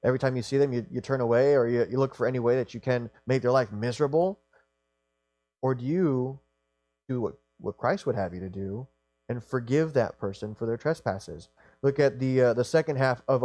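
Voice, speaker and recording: A young man preaching a sermon, earnest and halting, often restarting his words. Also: medium pitch, darkish tone, dry recording.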